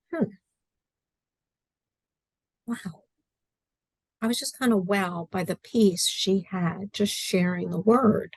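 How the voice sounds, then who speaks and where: A medium-pitched, darkish woman's voice with no room sound belongs to a middle-aged adaptive curriculum writer. She's an interview guest on a video call from her study at home, speaking casually, earnestly and chattily while acting out her own quotes.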